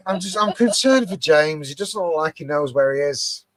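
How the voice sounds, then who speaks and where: Teasing male co-host, lively voice. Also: a little high, moderate pace, crowd noise, poor audio. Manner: teasing, sweary. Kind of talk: rowdy live banter.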